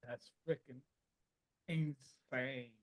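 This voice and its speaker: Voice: medium pitch, steady tone, extremely slow. An interviewer reacting emphatically and asking questions, sounding appalled.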